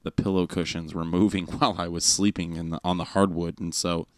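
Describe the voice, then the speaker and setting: Deep bass male dad-host, loose rambling storyteller, dry close mic. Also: level tone, a little fast, no room sound. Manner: rambling, lots of fillers and restarts. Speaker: father and podcast host. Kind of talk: casual storytelling chat. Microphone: studio microphone with headphones.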